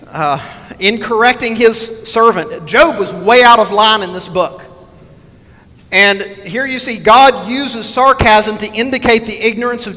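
A man's voice: high voice, bright, forceful tone, long reverb tail. A man preaching a sermon in a church, earnestly reading scripture aloud and explaining it verse by verse.

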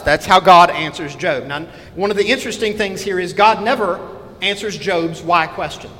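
Bright-voiced male preacher in a hall. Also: high-pitched, normal speed. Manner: earnest expository preaching, reading scripture aloud. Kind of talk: sermon.

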